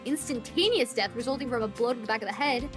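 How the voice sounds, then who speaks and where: A woman voicing a composed, sharp male prosecutor who speaks in a measured, deliberate way. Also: on the high side, close to an everyday voice. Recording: streamed voice over game music.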